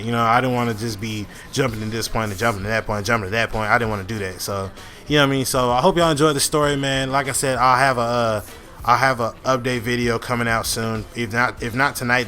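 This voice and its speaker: Over gameplay, a young man who hosts a gaming channel rambles through a lengthy story, restarting often, using plenty of fillers, and cursing a lot, his medium-pitched voice a bit bright.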